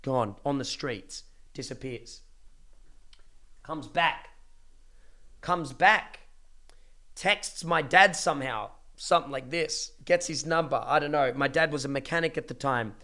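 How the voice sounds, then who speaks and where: Young man telling a story. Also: medium pitch. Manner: animated, emphatic repetitions and dramatic pauses; swears casually. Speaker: streamer. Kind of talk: casual storytelling to a live chat.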